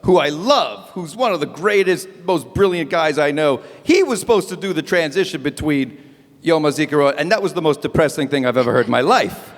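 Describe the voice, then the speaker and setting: A man doing live stand-up comedy as host of an evening event, with an animated, punchy, wisecracking delivery. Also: a little high, fairly quick, big-room sound. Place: event stage before a live audience.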